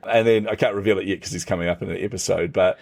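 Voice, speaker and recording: Rapid-fire and low-voiced, a middle-aged man tells stories as a guest on a podcast. His conversational storytelling is animated, broken up by frequent laughter and acted-out quotes of what others said.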